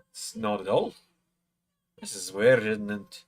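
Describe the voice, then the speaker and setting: A man's voice: fairly low pitch, sing-song, measured pace, pauses often, husky. A tipsy man hosting a live watch-along stream, rambling and swearing a lot as he comments. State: tipsy from drinking. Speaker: stream host.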